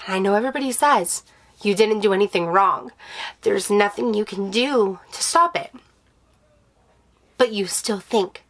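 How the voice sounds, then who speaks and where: A woman's voice: medium pitch, normal speed, fairly bright tone. A woman sharing a personal update in a vlog, candid and emotional, with many fillers and restarts, reassuring her viewers. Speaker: vlogger, stay-at-home mom.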